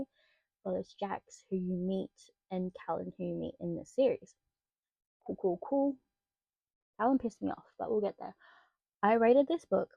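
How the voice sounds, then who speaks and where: Australian woman, young, chatty book vlogger, warm gravelly voice, slightly dull lo-fi recording. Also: medium pitch, no echo. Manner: chatty, rambling, quick to rant. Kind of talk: casual book review chat.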